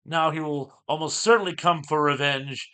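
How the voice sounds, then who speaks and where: A man's voice: fairly high pitch, moderate pace, bright, forceful tone, smooth. A man voicing a nervous, weaselly punk informant who pleads and babbles. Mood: pleading. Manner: pleading, flustered.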